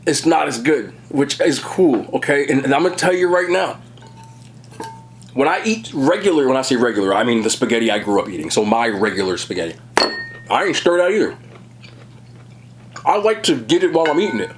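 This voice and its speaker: A young man talks straight to camera in a casual food vlog. His delivery is emphatic and slangy, and his pitch rides up and down with lots of movement. The voice itself sits in a middle register, neither deep nor high. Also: a little fast, long pauses, a little hiss or hum. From New Jersey, USA. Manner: animated, emphatic, slangy storytelling. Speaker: mukbang vlogger.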